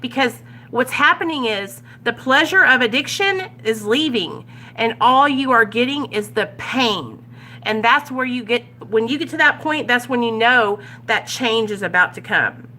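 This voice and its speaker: A woman's voice: on the high side, expressive, a little slow, pushed and bright. A woman leading a casual recovery study group, candid and conversational, often checking in with her listeners. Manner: candid, keeps checking in with "right?". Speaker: recovery vlogger leading a Big Book study. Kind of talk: casual chat.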